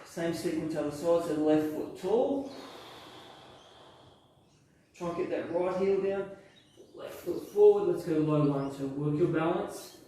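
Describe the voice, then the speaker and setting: A man's voice: on the high side, unhurried, long pauses, dark tone, a little hiss or hum. Yoga instructor, male, encouraging cues, recorded far from the mic in a very echoey room. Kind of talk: guided workout instruction.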